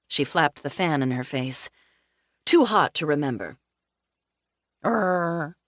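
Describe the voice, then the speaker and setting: A woman narrating a cozy mystery audiobook in first person, with a wry, deadpan humor. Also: deep voice, no echo, studio quality.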